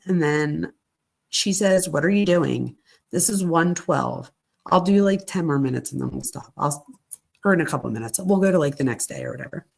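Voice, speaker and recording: A woman's voice: lowish voice, creaky. A middle-aged woman hosting a true crime show, reading text messages aloud in a conversational way with casual asides. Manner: conversational, reads quoted messages plainly with asides.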